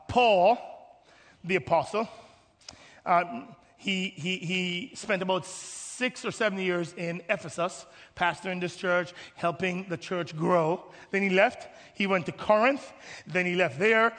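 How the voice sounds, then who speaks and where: Pastor, male, high husky voice, lively sermon delivery with hushed asides and shouted peaks, long hall reverb. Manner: animated, acts out voices, swings from hushed to shouting.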